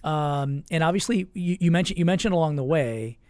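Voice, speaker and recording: A man's voice: on the high side, expressive, fairly quick, darkish tone, no echo. A man interviewing a guest in a casual conversation, prompting him with questions and agreeing often, with frequent restarts.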